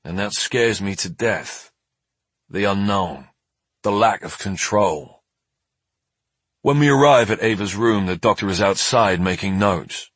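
Male audiobook narrator, low husky voice, tense first-person delivery. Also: fairly bright tone, no room sound.

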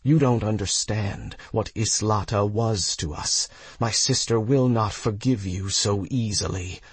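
A man's voice: fairly low pitch, a little slow, breathy edge, no echo, full character voice. A man voicing a feverish, dying elven woman, speaking weakly in pain. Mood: bitter. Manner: whispering, strained. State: in pain, weak.

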